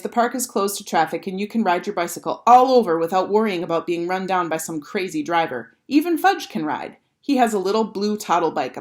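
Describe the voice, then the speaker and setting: A woman teacher reading a children's chapter book aloud with expressive, animated storytelling. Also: lowish voice.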